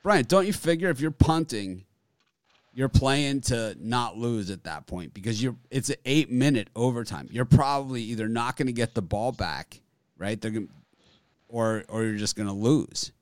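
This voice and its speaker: A man's voice: medium pitch, normal speed, no room sound, clean studio sound. A man hosting a casual sports betting podcast, ranting and laughing often. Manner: animated, laughs a lot, rants. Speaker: podcast host.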